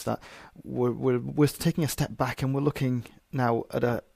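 A man co-hosting a podcast interview, thinking aloud in halting sentences and repeating words as he searches for them. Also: mid-range voice, creaky, darkish tone, no room sound. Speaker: podcast co-host.

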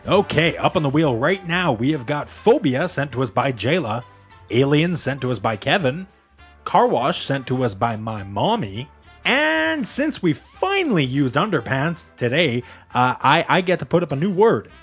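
A man hosting a casual comedy podcast, playful and quick to giggle. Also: fairly high pitch, sing-song, a bit bright, husky, soft background music. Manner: giggly and playful, laughs often. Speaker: podcast host.

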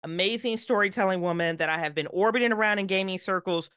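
Expressive woman guest, dry sound. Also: mid-range voice, quick pace, smooth, no echo. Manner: emphatic, expressive, playful asides. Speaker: podcast guest. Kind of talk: animated storytelling chat.

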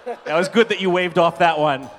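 A man's voice: high-pitched, normal speed. A man fronting a comedy band on a big stage, bantering and swearing with a crowd of over a thousand. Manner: profane, teasing, leads the crowd. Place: large venue before a crowd of over a thousand. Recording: live concert hall with crowd and music.

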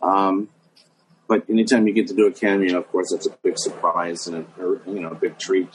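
A man's voice: deep voice, level tone, brisk, a little hiss or hum, rough recording. A middle-aged man guesting on a chat show, talking in a hesitant, musing way with many fillers. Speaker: guest impressionist. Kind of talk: casual chat.

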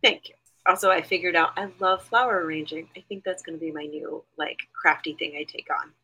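A woman's voice: low voice, a little fast, sharp tone, slight background noise, rough recording. A tired woman co-hosting a casual podcast, chatting loosely with many fillers. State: tired, yawning. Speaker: podcast co-host.

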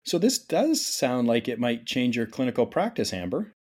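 A middle-aged podcast host from Ontario, Canada, speaks at a moderate pace with a medium-pitched, sing-song, darkish voice. His casual medical podcast chat is enthusiastic and chatty, and he often restarts his sentences to correct himself.

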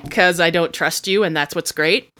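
A woman's voice: lowish voice, a bit bright. A woman setting scenes and playing a character in a tabletop role-play game, in a playful, laughing way. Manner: playful, laughing, quick storytelling. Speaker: game facilitator and player.

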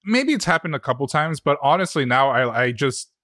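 A man in relaxed podcast chat with a bright, slightly raised voice. He talks quickly and emphatically, restarting his sentences. The sound is close and dry. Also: a little high, no echo. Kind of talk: casual chat.

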